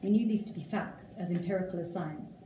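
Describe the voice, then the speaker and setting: Woman reading her own fiction at an event, calm and measured; distant mic in a roomy space with faint ambience. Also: lowish voice, a little hiss or hum. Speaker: author reading her story.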